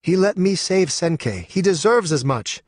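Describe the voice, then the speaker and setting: A fierce young priestess cries out and pleads in a pitched-up, urgent voice, as a man puts her on for an audiobook. Her lines swing widely in pitch and sound close and dry. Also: very animated, moderate pace, darkish tone, dry recording. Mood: pleading. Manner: raised, urgent voice.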